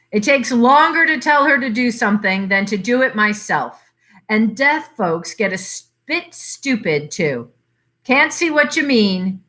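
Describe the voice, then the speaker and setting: A woman's voice: medium pitch, bright, forceful tone, exaggerated voice. A woman reading aloud, voicing an irritable middle-aged husband who grumbles in blunt dialect.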